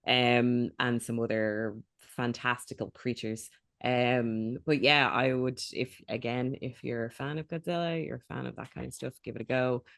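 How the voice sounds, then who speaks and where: A woman's voice: a bass voice, fairly even intonation, normal speed, gravelly, fairly bright tone, no echo, clean studio sound. A woman co-hosting a podcast in casual chat, recommending a show hesitantly with many ums. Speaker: podcast co-host.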